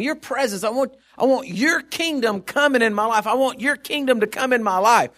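A man's voice: extremely high pitch, moderate pace, few pauses, a bit bright. A male preacher giving a sermon in an emphatic, conversational way.

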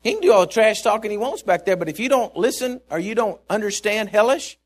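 A man with a high voice preaches a sermon to his congregation. He swells on the lines he wants to land and drops quiet and low for asides. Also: expressive, fast. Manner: emphatic, rising to stressed points and dropping low for asides.

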